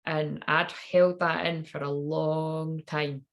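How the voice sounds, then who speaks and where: Woman, thirties, deep voice, tarot reader, candid rambling monologue. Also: level tone, slow pace. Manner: candid, swearing, trailing off.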